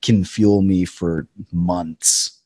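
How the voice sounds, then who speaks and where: A man co-hosting a podcast with a hoarse, scratchy voice, chatting casually and getting fired up in quick bursts. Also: deep voice, fairly even intonation, mellow, no echo, clean studio sound. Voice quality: husky, scratchy. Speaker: podcast co-host. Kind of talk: casual chat.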